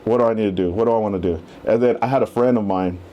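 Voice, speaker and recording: A man in his thirties, a real estate agent and podcast guest, telling his story in a casual, animated way and acting out the quotes. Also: on the low side, very fast, lo-fi sound, slight background noise.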